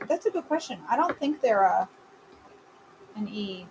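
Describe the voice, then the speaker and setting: A woman's voice: mid-range voice, expressive, normal speed, noisy background. A woman hosting a live cooking stream from her home kitchen, chatting casually and answering viewers by name with playful, self-mocking humor.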